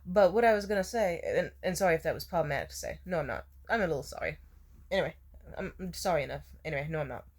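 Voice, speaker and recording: A woman's voice: deep voice, expressive, racing, darkish tone, slightly rough. Hungover young woman rambling a story. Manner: rambling, laughing, swearing freely. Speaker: vlogger. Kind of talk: casual storytime rant.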